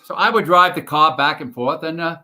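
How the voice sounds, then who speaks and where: A man's voice: a little high, a little fast, pushed and bright. An older man, a retired firefighter telling rambling stories on a podcast, full of fillers and restarts. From New York. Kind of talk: casual storytelling interview.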